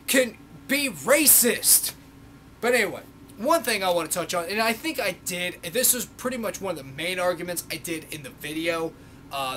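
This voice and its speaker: Young male vlogger, high-pitched, profane and mocking, faint noisy recording. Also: sharp tone. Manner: sarcastic, swears constantly, mocks others in put-on voices. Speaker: video blogger. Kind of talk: profane ranting monologue.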